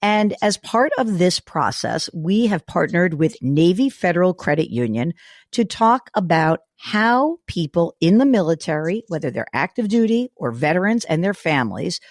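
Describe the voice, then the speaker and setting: A hoarse woman hosts a money interview in a chatty, easy way with a lower voice that swings widely in pitch. Her scratchy voice sits in a dry, close sound. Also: normal speed, no echo. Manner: lively, chatty, laughs easily. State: hoarse from a cold. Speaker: host. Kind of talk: interviewing a guest.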